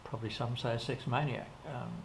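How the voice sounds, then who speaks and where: An older man with a gravelly, creaky voice recounts his life in a loose, rambling way, acting out both sides of old conversations. He restarts sentences often and circles back as he goes. A faint hum of background noise sits under the recording. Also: medium pitch, steady tone, a little fast. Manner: rambling, with frequent restarts and quoted dialogue. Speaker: interview guest. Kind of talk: casual storytelling in an interview.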